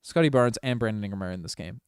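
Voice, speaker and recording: A man giving casual, partisan play-by-play on a fan livestream, moving from low mutters to loud excited shouts. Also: quick pace, smooth, no room sound, clean studio sound. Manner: excitable, swings from mumbling to shouting. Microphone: desk microphone.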